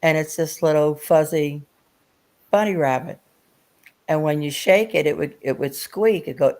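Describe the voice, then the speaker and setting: A woman's voice: deep voice, a little slow, darkish tone. A woman, co-hosting a live auction and telling a folksy family story at an easy pace. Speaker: co-host of a live auction stream. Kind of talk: casual storytelling.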